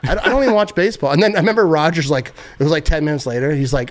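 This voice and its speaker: A young man on a podcast, spinning loose stories in a slightly higher-than-usual male voice. He rambles, leans on fillers and laughs often, with a relaxed, chatty delivery. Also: racing. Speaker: podcast guest, sports content creator. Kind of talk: casual storytelling.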